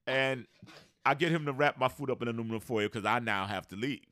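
A medium-pitched male voice, slightly fast and echo-free, belongs to a podcast co-host. He tells a long story in easygoing conversation, bringing it to life by acting out the quoted voices.

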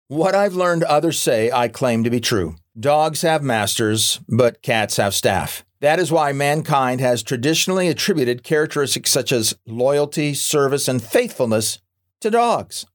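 A man reads a nonfiction book aloud at a mid-range pitch for a male voice. His narration is wry and gently humorous, and his delivery is measured and unhurried. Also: lively intonation. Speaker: audiobook narrator.

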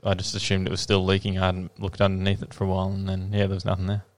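Low-voiced Australian man, dry and brief. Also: monotone, rapid-fire. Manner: brief, dry, reads out viewer comments and greetings. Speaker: co-host. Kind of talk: casual live-stream chat.

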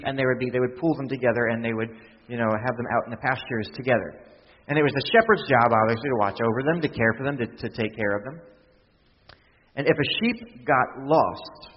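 A man's voice: medium pitch, husky. A man preaching a conversational sermon as pastor, with frequent restarts and asides. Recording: distant hall sound, dull lo-fi.

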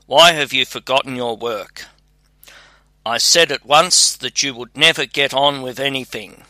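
A grumbling old woodcutter father, as a male narrator puts him on, scolding his son in a storybook. His voice is very bright and sharp, with a slow, deliberate delivery, recorded dry and close with no room sound. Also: mid-range voice, no echo. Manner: scolding, gruff.

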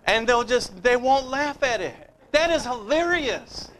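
High-voiced man preaching a sermon. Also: sing-song, moderate pace, few pauses, fairly bright tone, poor audio. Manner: conversational, storytelling, acts out dialogue.

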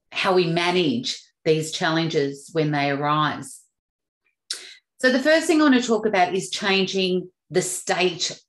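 Woman, motivational talk, low-pitched, echoey room. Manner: earnest, animated storytelling with acted-out voices. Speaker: motivational speaker.

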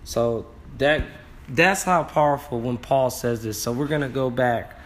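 Slow, wondering man studying word roots. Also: mid-range voice. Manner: slow, exclaims wow, sounds out words. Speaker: Bible word-study teacher. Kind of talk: casual Bible word study.

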